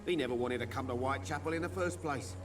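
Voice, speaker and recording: An actor playing a gruff, blunt local man in a video game, speaking in a dismissive, gossipy way. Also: mid-range voice, fast talker, lightly acted. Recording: distant game voice over music.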